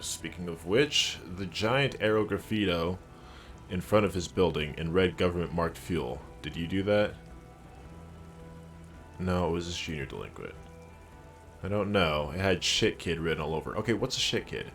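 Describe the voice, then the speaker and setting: A man's voice: low-pitched, expressive, normal speed, fairly bright tone, soft background music. A man streaming a game, reading its dialogue aloud and joking in between. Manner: wry, joking, reads lines in character.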